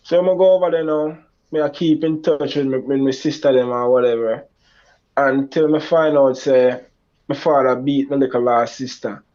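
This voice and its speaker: A man with a Jamaican accent tells a long personal story in a rambling way, using Jamaican Creole phrasing and acting out quoted lines in a raised voice. His mid-range voice has a darkish tone, fairly even intonation, and a moderate pace. The recording sounds dull and lo-fi.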